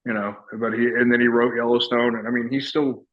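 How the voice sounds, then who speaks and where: A man's voice: medium pitch, little pitch movement, brisk, narrow, tinny audio. A middle-aged man, chatting as a guest in a casual interview and rambling through stories with lots of restarts and laughs. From Texas. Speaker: guest, actor and retired soldier.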